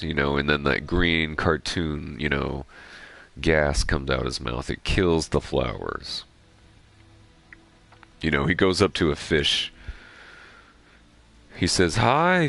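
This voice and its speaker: A man's voice: very deep voice, vocal fry, fairly bright tone. A young man giving rambling, joking gameplay commentary with casual profanity. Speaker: gaming streamer.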